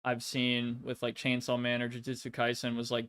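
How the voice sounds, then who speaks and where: A man's voice: mid-range voice, monotone, normal speed, a bit bright, smooth. A man hosting a casual gaming stream, rambling and swearing a lot with plenty of filler words. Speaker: streamer host.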